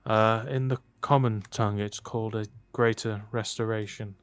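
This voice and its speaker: A man narrating a tabletop game as game master, relaxed and joking, with many fillers. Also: on the low side, moderate pace, smooth, no room sound.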